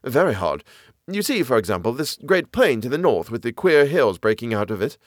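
A man voicing an eager, knowledgeable naturalist man who explains the moor with lively enthusiasm. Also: mid-range voice, a little fast, dry recording, clean studio sound. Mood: explaining.

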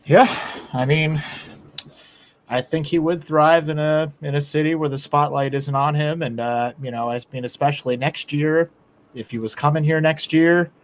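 A man's voice: a little high, fairly even intonation, normal speed, a little hiss or hum. A man co-hosting a casual hockey podcast, talking bluntly and with profanity about how the team should play. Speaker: podcast co-host. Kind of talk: casual sports talk.

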